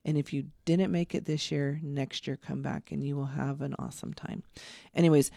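A woman's voice: deep voice, fairly even intonation, normal speed, vocal fry, dark tone, no room sound. A woman co-hosting a public radio fund drive, chatty and enthusiastic, in a studio. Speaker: radio co-host. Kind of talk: on-air fund drive chat.

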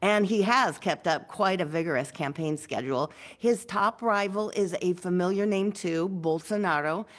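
A woman correspondent reads a news report with a lower-pitched voice. She speaks in a measured, clear way, in a steady reporting tone. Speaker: foreign correspondent.

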